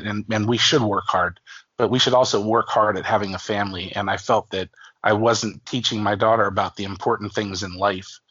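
A man in his forties speaks as an interview guest, telling a story at length and circling back with fillers and restarts. His voice sits fairly low. The recording is dull and dry, with a lo-fi quality. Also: fairly bright tone, husky, no room sound. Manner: rambling, many fillers and restarts, acts out quoted family voices. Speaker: author and guest.

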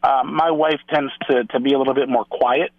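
A man's voice: mid-range voice, fairly even intonation, fairly quick, dry recording, narrow, tinny audio. Man telling stories on a phone-in show. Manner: storytelling, acts out quoted dialogue, many restarts. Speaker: guest on a Catholic radio show. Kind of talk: casual radio interview talk.

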